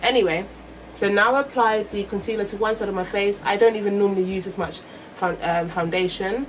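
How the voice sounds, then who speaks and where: A woman's voice: mid-range voice, brisk, slight background noise, poor audio. A young woman chatting through a makeup review vlog, thinking aloud and correcting herself as she goes. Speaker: beauty vlogger.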